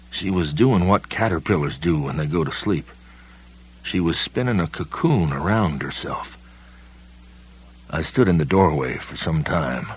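Super deep husky guy telling a creepy story slow and folksy, muffled lo-fi sound. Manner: slow, folksy storytelling with plain country grammar. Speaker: audiobook narrator. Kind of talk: first-person horror audiobook narration.

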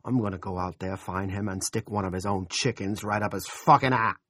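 A man's voice: on the low side, fairly quick, sharp tone, dry recording, studio quality. A man voicing a crude, menacing small-town bully who snarls out profane orders.

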